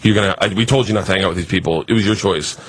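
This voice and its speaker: A man's voice: sits low, racing, a little hiss or hum, pitched below the performer's own voice, close to an everyday voice. A man voicing a stern woman teacher who scolds primly and stumbles over her words.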